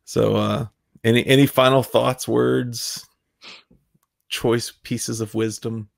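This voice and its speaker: Gravelly-voiced male show host. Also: medium pitch, slow pace, dry recording, studio quality. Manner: relaxed, affirming interjections. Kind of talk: casual interview chat.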